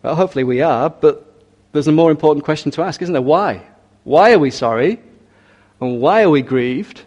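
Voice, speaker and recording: A man preaches a sermon in a fairly high voice. He is earnest and measured, and he often turns to his listeners with rhetorical questions. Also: lively intonation, a little mellow, muffled recording.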